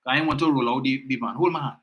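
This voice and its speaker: A man's voice: medium pitch, quick pace, muffled recording, close to an everyday voice. A man putting on the voice of a frail older woman politician who needs help walking, fussy and short of breath. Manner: breathless, fussy, step-by-step mocking.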